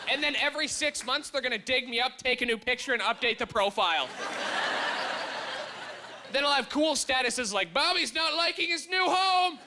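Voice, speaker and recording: A young man does dark stand-up on a club stage with a handheld mic. His voice sits very high for a man, and his delivery is wry and punchy. The club's noise is clearly heard around him. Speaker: stand-up comedian. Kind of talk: stand-up comedy set. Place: comedy club stage with a live audience. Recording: audience ambience with noise.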